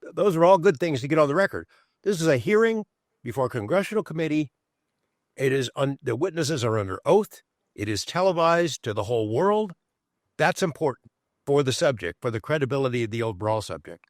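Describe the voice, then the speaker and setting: A man co-hosting a podcast, discussing in a measured way with emphatic rhetorical questions. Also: medium pitch, sing-song, no echo, studio quality. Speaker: podcast co-host. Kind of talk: analytical discussion.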